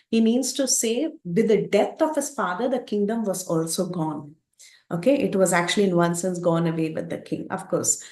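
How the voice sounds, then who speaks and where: A woman teaching by retelling an epic story in an animated way, with frequent fillers. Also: mid-range voice, roomy sound. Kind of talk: storytelling lecture.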